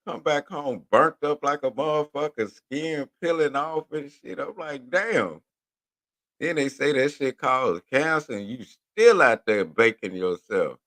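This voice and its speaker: A man from Houston, hosting a radio show in a profane, rambling monologue rant. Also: mid-range voice. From Houston, Texas. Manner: profane, animated, rambling with drawn-out words.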